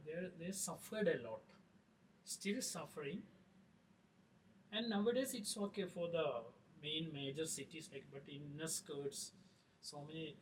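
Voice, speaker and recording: A middle-aged man, a film director talking in an interview, halting with many fillers and restarts. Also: a little high. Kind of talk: casual interview talk. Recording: distant mic with faint noise.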